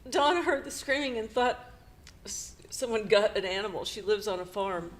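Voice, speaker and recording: A middle-aged woman co-hosting a podcast, retelling a painful personal story in a halting, emotional way with nervous laughs. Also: medium pitch. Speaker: podcast co-host.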